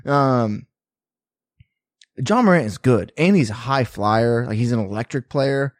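A man's voice: medium pitch, animated, measured pace, no room sound. A young man in his twenties co-hosting a podcast, chatting loosely about sports with a lot of swearing and laughter. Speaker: podcast co-host. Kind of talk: casual podcast banter.

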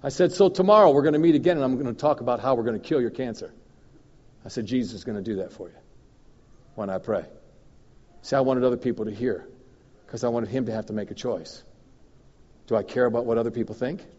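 A man preaching as a guest minister, telling a story in an animated way that swings from loud and emphatic to low and confiding. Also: a little fast, long pauses. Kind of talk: storytelling sermon. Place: church hall. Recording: dull recording in a reverberant hall.

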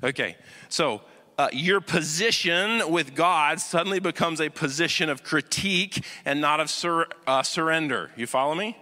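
A man's voice: fairly high pitch, moderate pace. Preacher man in an echoing hall. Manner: conversational, keeps asking "you follow me?"; swings from loud emphatic to hushed intense. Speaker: pastor. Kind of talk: sermon. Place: church auditorium. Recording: long reverb of a large hall.

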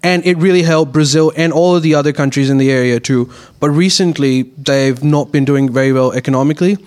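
A man's voice: a little high, a little fast, darkish tone. A man on a comedy podcast, explaining things at length in casual chat with frequent restarts and fillers. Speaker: podcast co-host.

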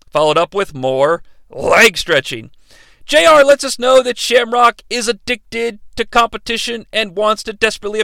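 A man's voice: high voice, pushed and bright, smooth, no room sound. A man hosting a podcast who recaps old wrestling matches in a casual, profane and sarcastic way. He speaks into a close studio mic. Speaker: podcast host.

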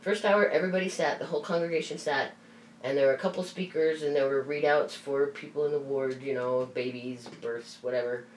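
Animated swearing woman, roomy and distant. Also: rumbling low, brisk. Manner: animated storyteller, swears, laughs often. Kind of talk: casual chat. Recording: roomy, off-mic, faint hiss.

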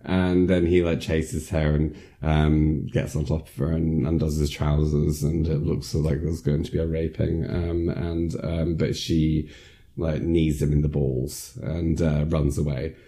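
A man's voice: very deep voice, level tone, unhurried, warm tone. A man rambling casually through a film recap, full of likes and ums. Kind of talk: casual chat.

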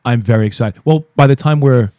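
A man's voice: mid-range voice, brisk, dark tone, dry recording, studio quality. A man co-hosting a podcast, joking and teasing crudely in casual chat. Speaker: podcast co-host.

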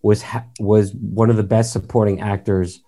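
Mellow-voiced man rambling in casual chat. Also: fairly low pitch, little pitch movement, normal speed. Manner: rambling, wry, repeats himself. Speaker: podcast co-host.

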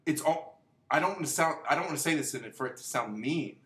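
A man in a casual chat, telling animated stories and acting out the voices of people he quotes, laughing often. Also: on the high side, fast talker, heavy background noise. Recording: echoey room.

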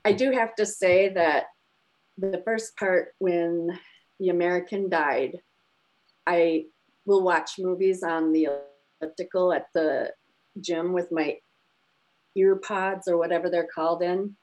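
A woman podcast co-host talks in a casual, chatty way, and her voice sits on the lower side. She retells scenes with open emotion and lively energy. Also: a little slow, long pauses, low-quality recording. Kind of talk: casual chat.

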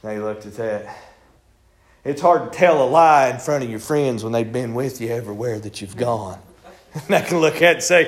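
A man preaching a sermon in a folksy storytelling manner, acting out voices and building to shouts. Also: mid-range voice, expressive, moderate pace.

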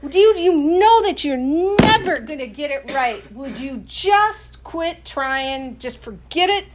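A woman's voice: sits high, expressive, slow pace, heavy background noise, pitched above the performer's own voice. A woman voicing Satan as a harsh, nagging male devil who scornfully condemns the listener. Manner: scornful, condemning, loud and pounding.

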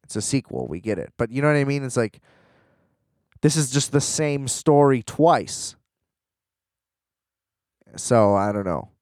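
A man's voice: mid-range voice, animated, unhurried, long pauses, a little mellow, no room sound, clean studio sound. A young man in a rambling, sarcastic casual rant, full of fillers and restarts.

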